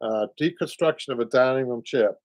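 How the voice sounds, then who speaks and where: A man in his sixties with a Boston accent, hosting a live upholstery show. He talks in a chatty, halting way, restarts often and laughs a lot. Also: medium pitch, dry recording, low-quality recording. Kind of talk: live-stream talk and teaching.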